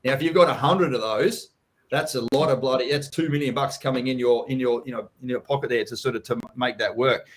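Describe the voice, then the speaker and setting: A man's voice: medium pitch, a little fast. An Australian man hosting a live property Q&A, talking bluntly and casually, swearing freely and calling people mate and buddy. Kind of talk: casual live-stream chat.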